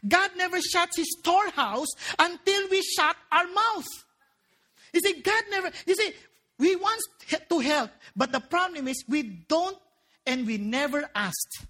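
A woman preaching a sermon in an animated, joking way, dropping in local phrases. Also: very high-pitched, unhurried.

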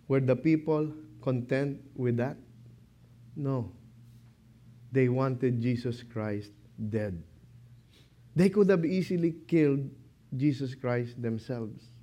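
A man preaching a sermon, slow and emphatic, who keeps asking rhetorical questions. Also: medium pitch, warm tone.

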